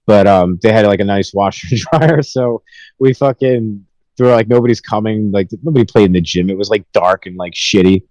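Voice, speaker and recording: A man's voice: lowish voice, brisk, darkish tone, no room sound, poor audio. A young man telling rambling, profanity-filled stories with laughs in a casual podcast chat. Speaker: podcast host.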